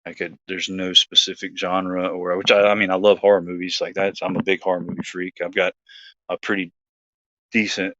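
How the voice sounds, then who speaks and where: A man's voice: low voice, little pitch movement, fairly quick, fairly bright tone, no echo, dull audio. A man, hosting his own show, telling a story in a rambling, laid-back chat full of fillers. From Georgia, USA. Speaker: host.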